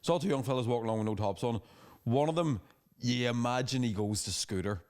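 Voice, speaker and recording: A young adult man, co-hosting a casual comedy podcast and telling animated stories. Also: mid-range voice, brisk. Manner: animated storyteller, mimics angry locals with shouted swearing. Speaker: podcast co-host.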